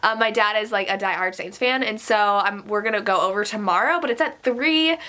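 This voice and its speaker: A woman's voice: medium pitch, fairly quick, pushed and bright. A young woman with a stuffy nose, chatting casually in a vlog, rambling and full of "like". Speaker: book vlogger.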